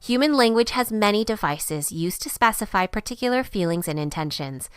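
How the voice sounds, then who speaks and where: A woman reading a scripted grammar lesson with a clear, even teaching delivery. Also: medium pitch, fairly quick, faint music behind. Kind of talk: scripted narration.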